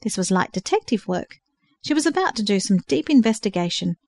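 A woman reading a story aloud in an even, clear storytelling manner. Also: mid-range voice, fairly quick, no echo. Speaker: narrator. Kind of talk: audiobook narration.

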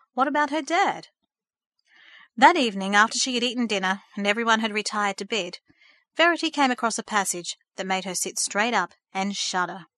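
A woman reading a story aloud in a measured, gentle storytelling manner. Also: mid-range voice, no room sound, studio quality. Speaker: narrator. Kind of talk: scripted storybook narration.

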